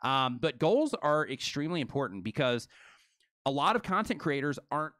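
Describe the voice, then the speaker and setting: A man co-hosting a live stream, talking fast and energetically with many fillers like "you know" and "right". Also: fairly high pitch, very animated, fairly bright tone, dry recording. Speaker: co-host.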